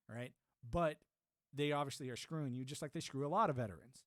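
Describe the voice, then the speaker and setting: A man from Arizona in the United States hosts a livestream, rambling casually and greeting chat viewers by name. His voice is a little high, fairly quick and a bit bright, recorded at studio quality with no room sound.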